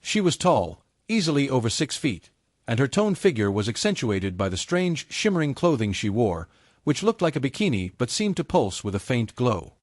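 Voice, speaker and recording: A man reading a story as its narrator in a measured, descriptive way. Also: medium pitch, no echo, clean studio sound.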